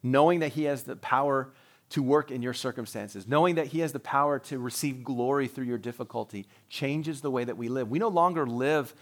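A middle-aged man preaching a sermon as pastor, animated and joking, with chatty asides to the congregation. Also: mid-range voice, a little fast.

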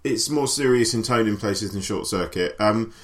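A man co-hosting a podcast, giving measured, opinionated film reviews. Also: lowish voice. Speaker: podcast co-host.

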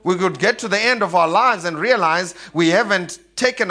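A man's voice: high voice, normal speed, sharp tone. A man preaching a sermon, calling out questions for the congregation to answer and laughing often. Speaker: pastor.

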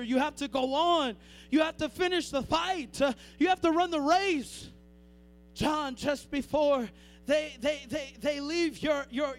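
A man preaching a fervent sermon, repeating phrases and building from quiet to shouting. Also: very high-pitched. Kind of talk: Pentecostal-style sermon.

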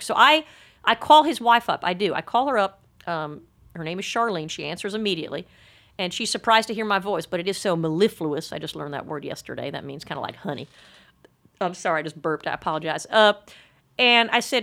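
A woman's voice: mid-range voice, animated, fairly quick, vocal fry, fairly bright tone. A woman delivering a rambling comic monologue in a mock-earnest, frank and crude way.

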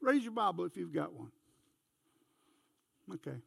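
A man's voice: high voice, very animated, a little slow, creaky, fairly bright tone, husky, no room sound, clean studio sound. A man preaching a folksy sermon in church, telling homespun stories and talking straight to the congregation. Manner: homespun, anecdotal, talks to the congregation directly. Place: church sanctuary.

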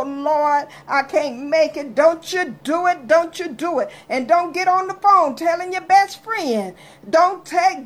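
High-voiced fervent woman pastor preaching. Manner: fervent preaching, reads scripture in King James wording, repeats phrases. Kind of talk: radio sermon.

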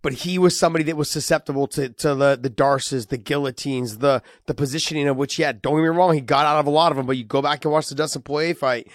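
Raspy man with a cold, dry close mic. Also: a little high, steady tone, quick pace, few pauses, dry recording. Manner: rambling with restarts, emphatic. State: has a cold, raspy voice and coughing. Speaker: co-host, fighter analyst. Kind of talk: casual fight breakdown chat.

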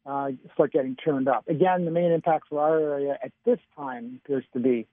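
A man giving a casual radio weather forecast by phone, chatty and relaxed, often chuckling. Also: mid-range voice, a little fast, no echo. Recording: tinny phone line.

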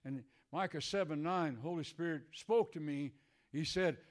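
An older male preacher delivering a sermon, swinging between shouted declarations and hushed, tender passages. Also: on the high side, moderate pace.

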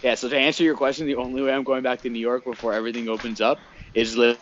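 A young man talking in a relaxed, slangy way on a video call, laughing often. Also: medium pitch, rapid-fire. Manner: laid-back, laughing, slangy. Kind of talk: casual video-call chat. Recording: dull lo-fi video call with background noise.

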